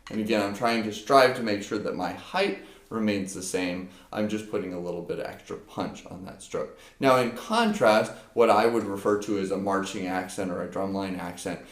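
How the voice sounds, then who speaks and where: In a practice room with a drum, a percussion teacher gives an unscripted lesson, explaining step by step with frequent fillers and hardly any pauses. His voice is fairly low at a moderate pace, and the room sounds echoey.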